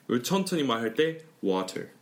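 Brief: low-voiced American man, fast-talking podcast teacher, chatty, laughs a lot. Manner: chatty, laughs often, switches between English and Korean. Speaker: podcast host and pronunciation teacher. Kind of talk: bilingual language lesson.

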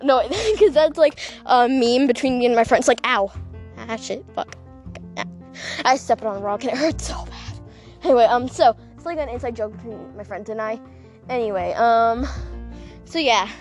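A young woman rambles through a gossipy storytime vlog, her high voice packed with "like" fillers and quick laughing asides. She talks while walking outdoors, and faint music plays softly behind her. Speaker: vlogger.

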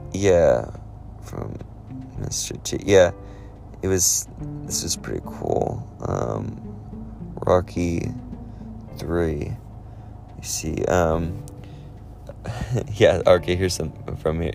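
Deep-voiced guy rambling about movies, lots of ums and likes, faint music behind. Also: lively intonation, slow pace, creaky, long pauses. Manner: rambling, full of fillers and restarts. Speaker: movie vlogger. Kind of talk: casual chat.

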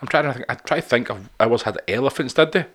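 A man co-hosting a podcast, teasing and interrupting in casual chat with halting restarts. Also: mid-range voice, lively intonation, fairly bright tone, husky. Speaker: podcast co-host.

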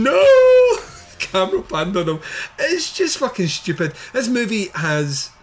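Animated, swearing man in casual chat. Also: mid-range voice, slight background noise. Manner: animated, laughing, swears freely. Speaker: podcast co-host reviewing a film.

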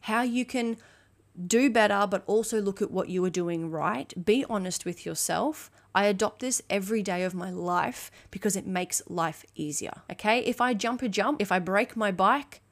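A woman's voice: mid-range voice, normal speed. Aussie woman solo podcast host, emphatic and blunt, swears a lot, acts out little dialogues.

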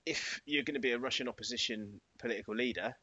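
A man's voice: medium pitch, fast talker, pushed and bright, slightly rough, lo-fi sound. A young man co-hosting a casual chat. He rambles with lots of fillers and laughs often. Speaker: podcast co-host.

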